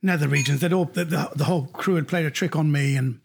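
A middle-aged man telling anecdotes in a chat over a video call from home, animated and laughing as he acts out the people in his stories. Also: fairly high pitch, fast talker, vocal fry. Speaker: guest.

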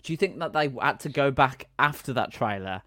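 A man with an ordinary pitch hosts a casual podcast conversation. He keeps asking the others what they think. His voice is dry and close to the mic. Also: lively intonation, fairly quick, fairly bright tone, no echo. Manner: inquisitive, asks the others questions. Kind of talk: casual chat.

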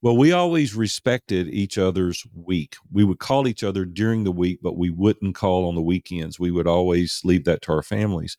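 Middle-aged man, very low voice, earnest conversational storytelling, dry close recording. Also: normal speed, hardly any pauses, warm tone, no echo. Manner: earnest, conversational, repeats words for emphasis. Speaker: podcast guest. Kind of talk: candid personal storytelling.

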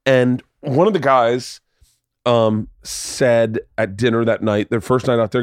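A man's voice: medium pitch, measured pace, clean tone, no echo, studio quality. A man hosting a podcast, telling long rambling stories in casual chat and swearing freely. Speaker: podcast host.

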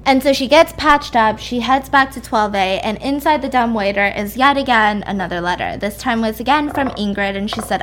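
Woman, casual storyteller, rambly and lively, acts out the dialogue; light background hiss. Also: fairly high pitch. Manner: animated, acts out characters' lines in quotes; fast rambling, self-correcting, swears casually. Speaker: storyteller recapping a book.

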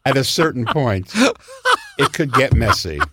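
A man's voice: mid-range voice, a little slow, a little hiss or hum. An older man, a comedy writer, telling anecdotes animatedly and often laughing. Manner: animated, acts out voices and laughs a lot. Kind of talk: anecdotal storytelling.

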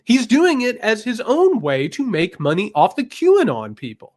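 A man co-hosting a political podcast, talking in an impassioned, emphatic way that swings from loud outrage to grim, quiet asides. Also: sits high, huge pitch swings, normal speed. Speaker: podcast co-host, political commentator. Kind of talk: heated political podcast chat.

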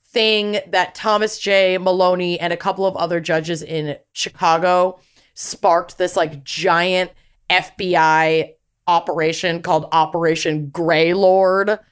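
A woman co-hosting a podcast, telling a story in a casual, profane, animated way with plenty of laughter. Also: on the low side, unhurried, smooth. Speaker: podcast co-host.

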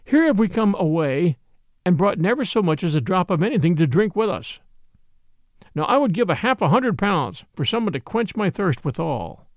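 A man's voice: high voice, very animated, normal speed, no room sound, studio quality. A man voicing a proud king in disguise who speaks sternly in formal, old-fashioned language.

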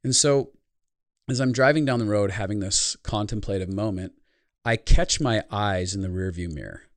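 Guy with a lowish voice sharing a story on a podcast, earnest and reflective, really dry close sound. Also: moderate pace, no room sound. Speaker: speaker and life consultant. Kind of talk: podcast conversation.

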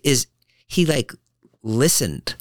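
A man hosting a podcast, telling stories in casual chat and acting out quotes in high voices. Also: takes it slowly, dry recording, studio quality. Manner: animated storyteller, acts out quotes in high voices. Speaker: podcast host.

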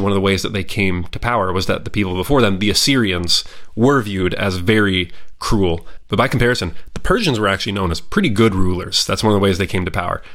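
A man with a somewhat low voice talks through a history topic in a casual, opinionated way. He restarts his sentences and hedges as he goes, like a host chatting on his own podcast. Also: fairly bright tone.

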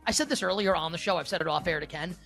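Quick bright guy rambling about bets, lots of likes and restarts. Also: fairly high pitch, creaky, faint music behind. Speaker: sports betting podcast co-host. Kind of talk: casual chat.

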